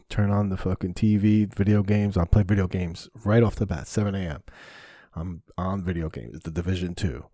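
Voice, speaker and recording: Low, dark-voiced man rambling candidly. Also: dry recording, clean studio sound. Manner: rambling, profane, candid, with frequent fillers. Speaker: podcast host and stand-up comedian. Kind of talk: casual solo podcast monologue. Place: small home basement studio office.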